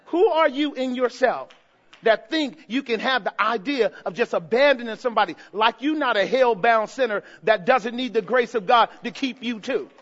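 A man preaching a sermon as pastor, swinging from soft asides to impassioned shouts. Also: very high-pitched, expressive, normal speed, dull audio.

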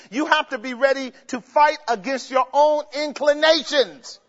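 A man preaching a sermon, emphatic, swinging between shouts and low murmurs and asking the congregation rhetorical questions. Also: unhurried, hardly any pauses. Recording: dull sound with long hall reverb.

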